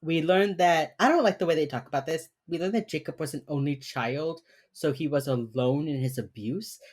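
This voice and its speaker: A woman's voice: deep voice, normal speed, darkish tone, husky. A woman co-hosting a podcast, rambling through a TV episode recap, swearing casually and laughing often. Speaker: podcast co-host.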